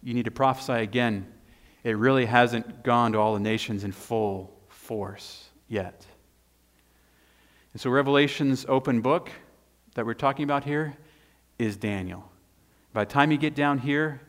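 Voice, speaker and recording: A man preaching a sermon and reading scripture aloud, animated and emphatic, pointing to a handout. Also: medium pitch. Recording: long hall reverb.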